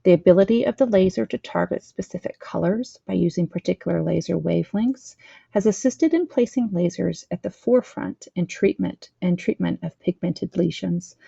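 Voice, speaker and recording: On a muffled recording with no room sound, a woman with a low, creaky, dark-toned voice and a breathy edge leads a training lesson as the instructor. She reads slides aloud with a slight lisp, trips over terms, corrects herself, and adds plain explanations.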